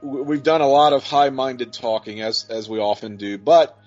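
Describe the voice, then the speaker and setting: A man co-hosting a casual podcast, joking at his own expense and working through ideas out loud. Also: mid-range voice, normal speed. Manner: self-deprecating, joking, thinks aloud with restarts. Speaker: podcast co-host. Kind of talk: casual chat. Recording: slightly dull lo-fi audio, faint music.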